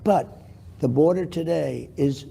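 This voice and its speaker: On a TV interview, an older New York man answers in a rambling, boastful way, returning again and again to points he's already made. His voice is gravelly and very dark, pitched a bit higher than most men's, and his delivery is a little slow.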